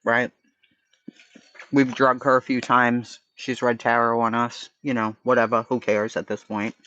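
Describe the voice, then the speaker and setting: A man's voice: medium pitch, level tone, unhurried, sharp tone, lo-fi sound, slight background noise. A man with a Boston accent hosting a casual livestream chat, blunt and profane, answering his chat. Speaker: livestream host.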